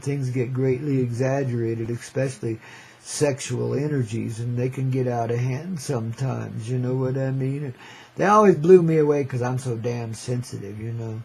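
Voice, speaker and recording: An older man hosting his own radio show, rambling along in a laid-back hippie drawl. His voice is gravelly, husky and mellow. He says "man" every few lines and keeps breaking into chuckles. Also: mid-range voice, moderate pace. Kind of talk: rambling casual radio monologue.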